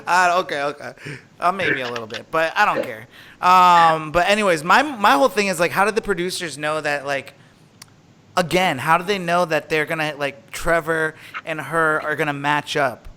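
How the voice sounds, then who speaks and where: Young male co-host, bright and sharp tone, rambling filler-heavy casual chat. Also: fairly high pitch, moderate pace, slight background noise. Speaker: podcast co-host. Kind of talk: casual chat recapping a reality show.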